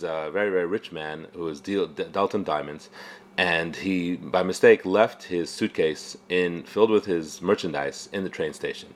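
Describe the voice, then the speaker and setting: A middle-aged man, a rabbi, giving an informal weekly Torah talk in a conversational way, often halting and restarting his sentences. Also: sits low.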